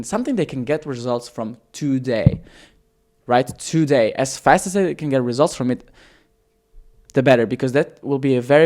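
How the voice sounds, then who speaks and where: Guy coaching on camera, blunt and hyped, swears a lot, mid-pitched voice, keeps changing speed and volume. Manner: energetic, blunt, swears casually, varies pace and loudness for emphasis. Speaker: copywriting coach. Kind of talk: casual direct-to-camera teaching.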